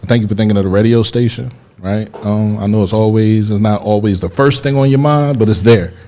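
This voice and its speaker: A man's voice: lowish voice, fairly quick, warm tone. A man hosting a casual radio interview, emotional and choked up, talking in a heartfelt, rambling way. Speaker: radio show host.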